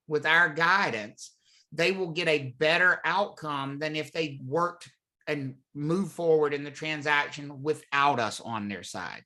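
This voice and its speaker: Leading a real estate class live, either in person or online, a man talks in a conversational style and often quizzes his students. His pitch is fairly high, and his voice comes across pushed and bright.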